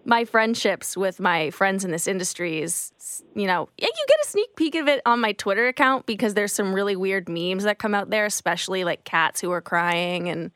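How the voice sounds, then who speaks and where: A woman hosting a sports radio show on a studio microphone, chatty and quick to laugh. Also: medium pitch, a bit bright, clear, resonant tone, no room sound.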